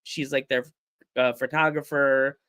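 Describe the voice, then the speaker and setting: A man's voice: medium pitch, level tone, a little slow, bright, forceful tone, clear, resonant tone, dry recording. Chatty American man, dry sound. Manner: chatty, rambling, laughs often. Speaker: podcast host. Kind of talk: casual chat. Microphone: remote call mic.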